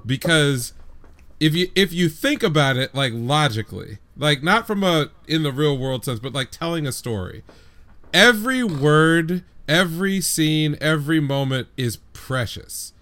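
Bright-voiced man breaking down a story. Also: fairly high pitch, animated, measured pace. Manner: analytical, reasons point by point. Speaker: podcast co-host. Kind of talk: casual chat, anime review.

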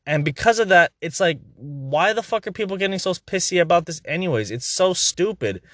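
A man's voice: high-pitched, animated, fairly quick, a bit bright, no room sound, clean studio sound. A young man hosting a podcast, ranting in a heated, profane, exasperated way in casual commentary.

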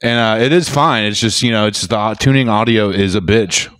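A loud, brash young man co-hosting a podcast, cracking crude jokes in casual banter on a studio mic. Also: on the low side, a little fast, clear, resonant tone, dry recording. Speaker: podcast co-host.

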